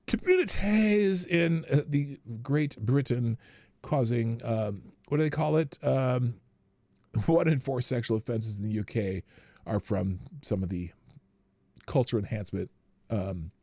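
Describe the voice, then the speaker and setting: Older male host, gravelly, lively pitch, dry close mic, casual news commentary. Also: no room sound. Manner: chatty, laughs often, reads articles aloud with asides.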